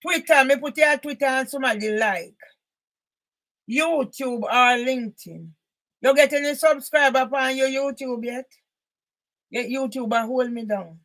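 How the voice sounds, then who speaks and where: A woman, an author and campaigner, delivering an angry, confrontational monologue aimed at one person, breaking into loud emphatic bursts. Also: sits high, a little slow.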